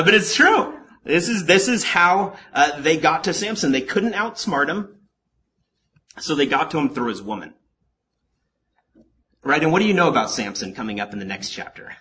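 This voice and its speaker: A man delivering a sermon in a bright, forceful voice, his pitch leaping up and down as he jokes and turns to the congregation. His delivery is animated, with a conversational teaching style. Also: slight background noise. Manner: animated and joking, with asides to the congregation. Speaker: pastor teaching a Bible study.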